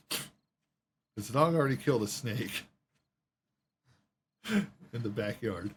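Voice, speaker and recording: A man's voice: mid-range voice, animated, takes it slowly, long pauses, a bit bright, slight background noise. A man telling a long story while playing a game, rambling along with lots of swearing and quoted voices. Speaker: gaming streamer.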